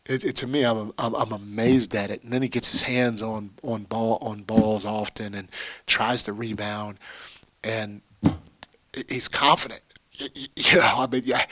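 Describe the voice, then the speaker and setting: A male head coach answering questions after a game at a press conference. he talks in a candid, rambling way and breaks into small laughs. his voice sits at an ordinary pitch, and the sound is dry and close. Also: steady tone, normal speed, fairly bright tone, no room sound.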